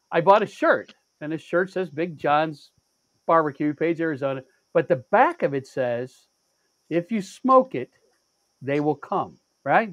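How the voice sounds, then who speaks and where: A man with a high voice tells stories in casual chat, animated and salty, full of stammered repeats and quick restarts. His voice sits close and dry, with no room around it. He leaps between calm stretches and bursts of excitement. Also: dry recording. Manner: animated, profane, acts out quotes with big pitch jumps. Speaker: show regular.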